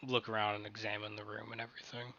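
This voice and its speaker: A man running a tabletop game playtest as game master, narrating haltingly and often restarting his sentences. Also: fairly low pitch, flat delivery, pushed and bright, muffled recording.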